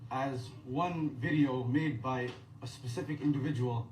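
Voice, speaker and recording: A man speaking as a daycare spokesperson, giving an earnest prepared statement in measured, halting phrases. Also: medium pitch, a little mellow. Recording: roomy echo, distant mic, faint background hum.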